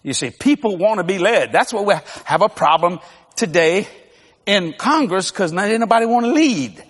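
An older man, a pastor, preaching with lively storytelling, acting out dialogue and laughing often. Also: high voice, normal speed, slightly rough, in a large hall. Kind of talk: sermon.

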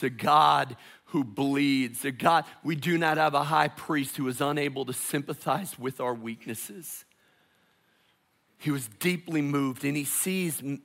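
A man preaching a sermon as pastor, delivering it dramatically, dropping to hushed tones and rising to loud calls. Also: on the high side, vocal fry.

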